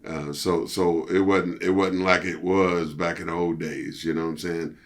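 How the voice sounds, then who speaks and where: A middle-aged man with a low-set voice recounts his past in a relaxed interview. He tells it loosely and profanely, tossing in "you know" and "see", and leaps up in pitch when he acts out his own outbursts. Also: normal speed. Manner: animated storyteller, jumps high for quoted outbursts. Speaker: interview guest, former pro wrestler. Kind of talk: casual storytelling interview.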